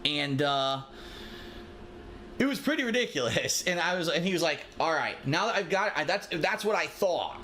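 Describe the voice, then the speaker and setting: A man's voice: fairly high pitch, animated, bright, forceful tone, slight background noise. A man telling a long rambling personal anecdote, acting out what others said. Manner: drawn-out, rambling, acts out quotes. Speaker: storyteller in a played clip.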